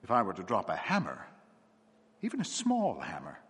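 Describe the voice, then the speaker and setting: Man reading as a perceptive little priest, calm, grave, quiet, long reverb. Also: on the low side, normal speed, slightly rough, exaggerated voice.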